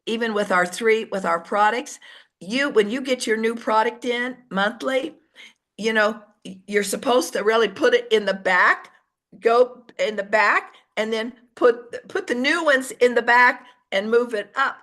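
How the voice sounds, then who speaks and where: A woman giving a motivational team training talk over an online call. She tells lively stories and acts out the voices she quotes. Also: fairly high pitch, measured pace.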